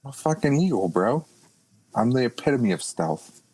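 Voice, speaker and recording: A man's voice: mid-range voice, very animated, moderate pace, a little mellow, slightly rough, low-quality recording. A man playing a tabletop game, brash and joking with frequent swearing. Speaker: player. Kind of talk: casual tabletop play.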